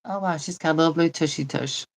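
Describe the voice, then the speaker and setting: A woman's voice: sits low, fast talker, low-quality recording. A woman hosting a doll channel, chatting casually while she demonstrates.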